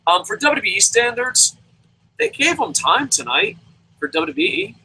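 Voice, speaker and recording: A man rants through a wrestling review, profane and heated, swearing nearly every sentence. His voice is high and very bright, with a husky edge, and it swings widely in pitch. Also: big pitch swings, unhurried, poor audio. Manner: mocking, acts out impressions. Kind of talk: ranting commentary vlog.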